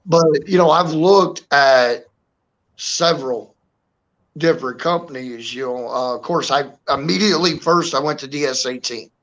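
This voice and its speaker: A man's voice: a little high, normal speed, a bit bright, low-quality recording. Rambling man saying "you know" a lot. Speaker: host. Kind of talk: casual chat on a live stream.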